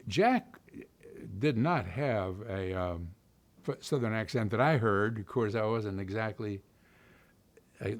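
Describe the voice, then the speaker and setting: An older man from Kentucky recalls his early career in an unhurried, rambling way, full of "uh"s and restarts. His voice sits at an ordinary middle pitch for a man. He sounds like a seasoned storyteller in a sit-down interview. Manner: relaxed storytelling with many fillers and restarts. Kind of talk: oral history interview.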